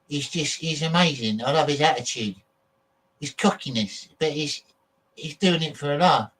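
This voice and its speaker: A man's voice: a little high, normal speed, fairly bright tone, slightly rough. A man hosting a casual livestream, talking bluntly and swearing freely while he chats with viewers. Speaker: show host. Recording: distant, choppy internet audio.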